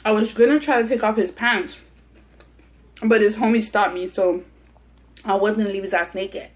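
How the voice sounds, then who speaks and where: A woman's voice: mid-range voice, fairly even intonation, moderate pace. A young woman vlogger telling a heated, profanity-laced personal story with lots of restarts while she eats on camera. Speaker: mukbang vlogger. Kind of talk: casual storytelling while eating.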